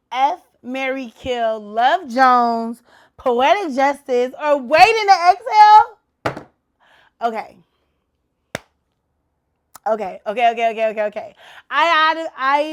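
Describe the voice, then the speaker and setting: Animated high-voiced woman podcast host. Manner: animated, loud exclamations, colloquial slang. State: tipsy. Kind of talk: casual chat.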